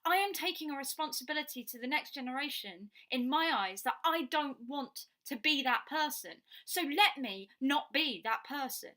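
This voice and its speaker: Blunt, swearing Englishwoman with a bright voice. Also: high-pitched, lively intonation, normal speed, hardly any pauses. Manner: blunt and opinionated, swears freely. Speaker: vlogger. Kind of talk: opinion rant to camera.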